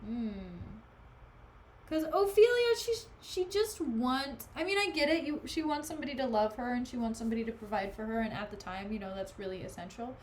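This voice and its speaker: A woman's voice: a little high, brisk, a little hiss or hum. A young woman streamer reading a play aloud and chatting sarcastically about it in slang.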